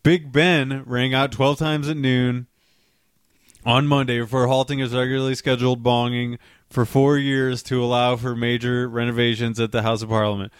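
A man's voice: mid-range voice, level tone, moderate pace, clean tone, no echo, studio quality. A man co-hosting a casual podcast, reading odd news stories aloud, stumbling over words and cursing at his own slips.

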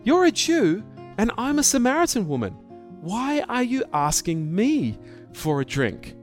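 A man's voice: high-pitched, huge pitch swings, measured pace, faint music behind, voice pushed up, full character voice. A man voicing a surprised Samaritan woman who questions a stranger in disbelief. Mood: incredulous. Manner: incredulous, questioning.

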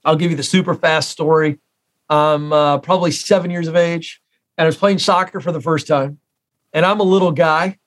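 A man's voice: fairly high pitch, steady tone, normal speed. A man in his forties from the United States, a career expert telling stories as an interview guest, emphatic and repeating key phrases for effect. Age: 40s. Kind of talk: interview storytelling.

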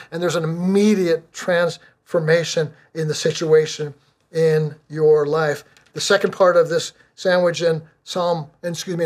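A middle-aged man preaching with earnest conviction, his voice sitting a little on the higher side. He slows down and leans on repeated phrases to drive each point home. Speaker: pastor. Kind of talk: sermon.

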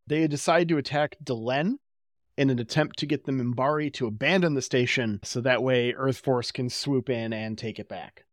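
A man with a mid-pitched voice, recapping an episode as a podcast co-host in easy casual chat. He is wry and swears offhandedly. The recording is close and dry. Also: moderate pace, no room sound.

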